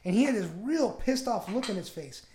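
A man's voice: very high voice, animated, fairly quick, darkish tone. A man on a podcast telling a crude story in a casual, rambling way, laughing often. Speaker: podcast host.

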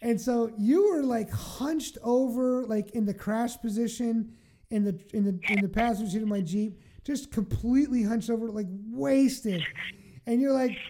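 A woman tells a rowdy story to a friend, swearing freely and breaking into laughter. Her voice sits a bit high but has a soft, mellow tone. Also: normal speed, slight background noise. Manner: animated, profane, laughing storyteller. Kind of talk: casual storytelling chat.

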